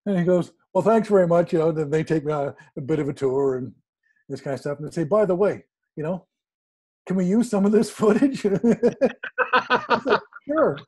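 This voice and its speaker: A man telling a story in a casual, animated way, acting out quoted dialogue with sudden jumps in pitch. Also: moderate pace. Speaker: guest speaker.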